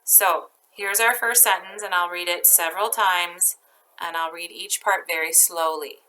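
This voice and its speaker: A woman teacher reads out spelling words and sentences at a very slow, deliberate pace, drawing out each part so children can write along. Her tone is bright and her pitch sits a little low. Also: steady tone, slight background noise, poor audio. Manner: slow, deliberate dictation, stretching each word. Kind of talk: dictating a spelling test.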